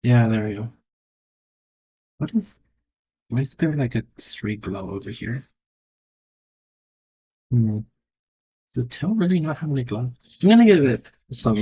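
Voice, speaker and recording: A man's voice: mid-range voice, animated, moderate pace, pauses often, mellow, breathy edge, dull audio. A man thinking aloud and judging his own work as he draws, in casual narration. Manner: muttered, self-critical thinking aloud. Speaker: digital artist. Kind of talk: casual narration while drawing.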